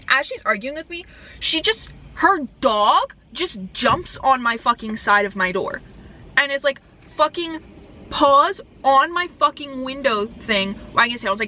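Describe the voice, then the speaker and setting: A young woman telling a story in a casual rant, animated and swearing often. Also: high voice, moderate pace. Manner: animated, swearing, quoting herself.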